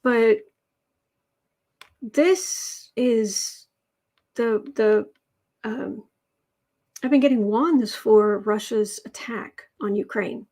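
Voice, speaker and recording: Female tarot livestream host, husky and unhurried, chatty, rambling. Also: a little high, dark tone. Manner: chatty and rambling, reads out viewer comments. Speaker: tarot reader and channel host. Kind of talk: casual livestream tarot reading.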